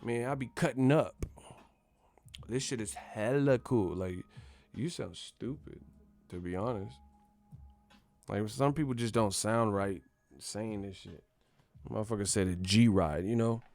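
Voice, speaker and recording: A man's voice: fairly low pitch, measured pace, creaky, pauses often, darkish tone, dry recording, soft background music. A man hosting a boxing channel, ranting casually with profane, mocking, slang-heavy talk. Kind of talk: casual rant to camera.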